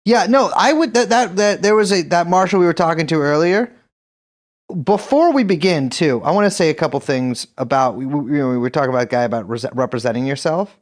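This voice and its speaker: A man's voice: a little high, animated, a little fast. A man co-hosting a podcast in casual chat, joking and swearing as he talks. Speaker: podcast co-host.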